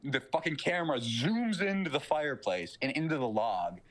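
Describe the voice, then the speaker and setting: A man's voice: medium pitch, expressive, normal speed. A young man in casual chat, retelling a film plot in a rambling way full of fillers and swearing.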